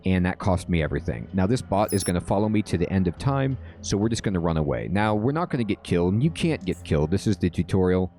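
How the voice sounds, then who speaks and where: Low, mellow-voiced man explaining a game. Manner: relaxed, checks in often with "all right?". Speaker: game guide host. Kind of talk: casual gameplay tutorial commentary.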